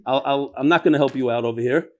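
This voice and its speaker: A man giving a daily Talmud lesson, lively and joking, mixing Hebrew and Aramaic terms into his explanations. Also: mid-range voice, fast talker. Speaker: Talmud teacher.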